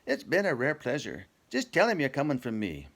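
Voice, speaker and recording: A man's voice: medium pitch, huge pitch swings, fairly quick, fairly bright tone. A man voicing a polite young house doctor with a Scottish accent. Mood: courteous.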